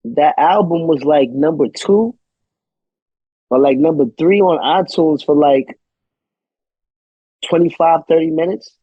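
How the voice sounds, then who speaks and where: A man's voice: a little high, measured pace, long pauses, husky, dry recording. Laid-back Brooklyn man, dull dry sound. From Brooklyn, New York. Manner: laid-back, profane, repeats "you know what I mean". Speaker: guest rapper. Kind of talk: casual interview chat.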